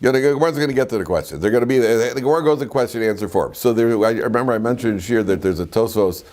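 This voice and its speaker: A rabbi, an older man, talks very fast in a medium-pitched, darkish voice during an informal Torah lecture. Before his students in a classroom, he stays conversational and digressive, full of restarts and asides.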